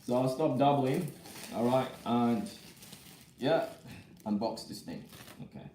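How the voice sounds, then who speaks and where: Casual young male vlogger, rambling and chatty, mellow tone, roomy echo. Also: medium pitch, slow, a little hiss or hum. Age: young adult. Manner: chatty, rambling, reads and answers viewer comments; laughs often between remarks. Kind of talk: casual live-chat unboxing.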